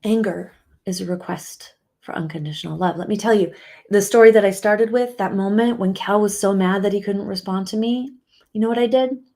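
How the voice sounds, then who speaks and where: A middle-aged woman coaches on relationships in an earnest, soft-spoken motivational talk. Her voice sits at a middle pitch. She often sinks to a near whisper, then pushes out a line with sudden emphasis. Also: fairly even intonation, brisk.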